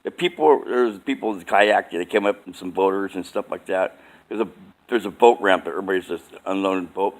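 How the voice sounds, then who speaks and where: A man's voice: low-pitched, brisk. A man telling a rambling story at home at bedtime, casually, repeating himself and saying "man" a lot.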